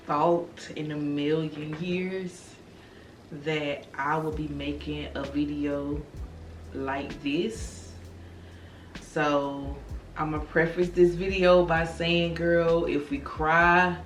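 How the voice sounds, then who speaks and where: A woman in her thirties, grieving and subdued, talking slowly and softly to her viewers in a confiding way, calling them girl and y'all. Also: sits low, a little hiss or hum. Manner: slow, soft-spoken, confiding, calls listeners girl and y'all. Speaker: vlogger. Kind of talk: personal direct-to-camera talk. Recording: roomy, distant from the mic, faint music.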